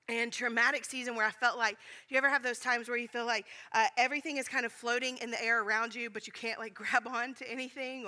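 High, bright-voiced woman pastor preaching. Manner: candid, self-deprecating, speaks straight to listeners. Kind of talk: conversational sermon storytelling.

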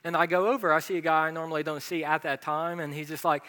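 Male pastor, storytelling sermon, fairly high bright voice, self-mocking humor, long hall echo. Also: level tone, fast. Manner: humorous, self-deprecating anecdotes.

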